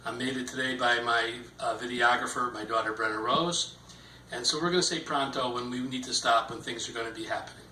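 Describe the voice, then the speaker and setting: A man's voice: medium pitch, fairly even intonation, a little fast, sharp tone, slight background noise. An older man, a grandfather, giving a chatty, rambling home cooking demonstration in his kitchen. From Ireland. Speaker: home cook. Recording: echoey kitchen with sizzling pan.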